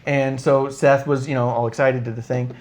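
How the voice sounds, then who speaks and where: A man hosting a live podcast, talking at a middle pitch in loose, casual chat. He rambles through an anecdote, swears freely and slips into quoted dialogue with changing voices. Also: flat delivery, moderate pace, a little mellow, slight background noise. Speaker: podcast host.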